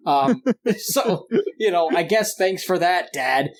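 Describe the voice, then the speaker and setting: A man's voice: sits high, lively intonation, takes it slowly. A man co-hosting a podcast, telling a rambling anecdote with lots of fillers and restarts. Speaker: podcast co-host. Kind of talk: casual chat.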